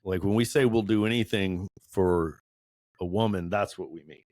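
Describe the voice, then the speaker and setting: Deep-voiced earnest man in a group talk. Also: moderate pace, darkish tone, dry recording, studio quality. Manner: earnest, self-deprecating, laughs while telling stories. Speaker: podcast panelist. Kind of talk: candid group discussion.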